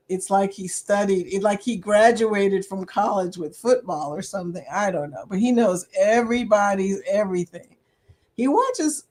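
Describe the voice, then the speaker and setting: Older woman, livestream host, slow and lively, giggly. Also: mid-range voice. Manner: giggly, laughs often between remarks. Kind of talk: casual livestream chat reading viewer comments.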